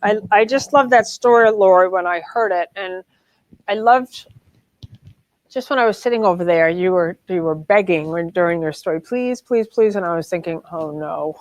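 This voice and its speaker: A woman leading a spiritual discussion group, responding to members and animated when quoting them. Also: fairly low pitch, moderate pace, dry recording. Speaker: group leader.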